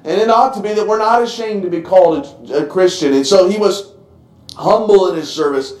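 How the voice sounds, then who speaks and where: A man preaching from the pulpit with a fairly high voice. His delivery is earnest and heartfelt, with stammered restarts. The sound carries a roomy church echo. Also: brisk, a little mellow, faint music behind. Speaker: pastor. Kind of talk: sermon.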